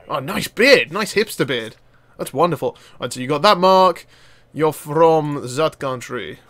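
A young man giving excitable let's-play commentary, laughing, swearing and talking back to the characters on screen. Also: mid-range voice, clean tone. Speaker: gaming channel host.

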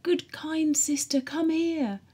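A woman's voice: sits high, fairly even intonation, slow pace, dark tone, pitched above the performer's own voice. A woman voicing a pitiful young male patient who pleads in a whispering, refined voice. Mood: pleading.

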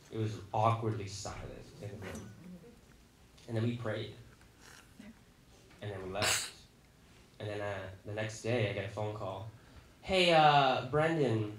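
A young man telling a personal story in casual, animated talk, full of likes and restarts. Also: fairly low pitch, roomy sound, a little hiss or hum.

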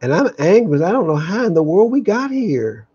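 Earnest man, dark dull webcam sound. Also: high voice, big pitch swings, a little hiss or hum. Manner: earnest, openly angry, halting with restarts. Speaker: host of a daily live meditation stream. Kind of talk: live-streamed spiritual talk.

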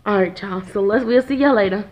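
A woman's voice: medium pitch, fairly quick, darkish tone. A woman in her twenties chatting casually to her viewers in a vlog, calling them "y'all" again and again. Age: 20s. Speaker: vlogger, single mother. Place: at home.

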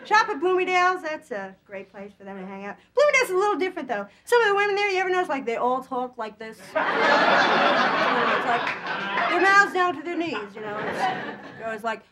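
A very high-pitched young woman from Long Island does quick, punchy stand-up with a lively, bouncing voice. She performs on a TV studio stage. A loud studio audience roars over a noisy broadcast. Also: a loud crowd. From Long Island, New York. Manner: quick, punchy delivery with bursts of laughter. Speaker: stand-up comedian. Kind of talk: stand-up routine and talk-show chat.

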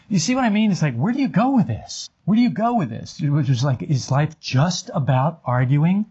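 A man's voice: a little high, very animated, normal speed, few pauses, mellow, breathy edge, lo-fi sound. A man teaching esoteric ideas to a small group in a meeting room, acting out little dialogues with self-mocking humor. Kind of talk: animated talk to a small group. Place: meeting room with a live audience.

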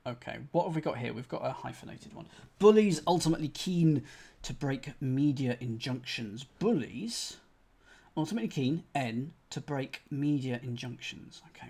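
A man's voice: medium pitch, animated, moderate pace, creaky, dark tone, husky. A man solving a cryptic crossword live on stream. He thinks aloud, spells out letters one by one and talks to his chat.

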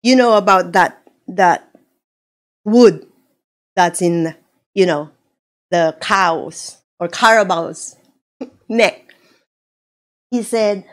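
Slow-preaching woman pastor. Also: on the low side. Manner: slow, animated preaching with acted-out quotes. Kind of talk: sermon.

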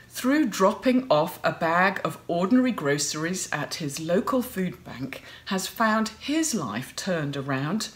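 A woman preaching a sermon in an expressive way, playfully acting out voices as she tells the story. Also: on the low side.

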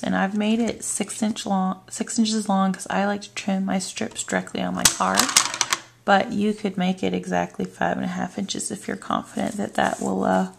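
A woman demonstrating card making step by step, calmly narrating what she does with her hands. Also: medium pitch, gravelly, a little hiss or hum. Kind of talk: step-by-step craft tutorial.

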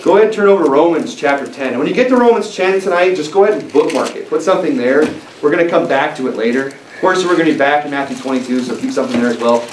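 A man preaches with emphasis in a fairly high voice, working through scripture with many fillers and restarts. His voice comes from a distance into a roomy church, with a faint hum of noise underneath. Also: animated, racing. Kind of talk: sermon with scripture reading. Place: church sanctuary. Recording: echoey church recording from afar, faint noise.

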